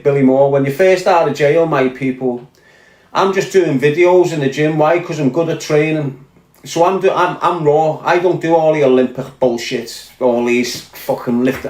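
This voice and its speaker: A man's voice: a little high, darkish tone. A man telling a story in a blunt, profane, accusing rant. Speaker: podcast guest. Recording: roomy echo.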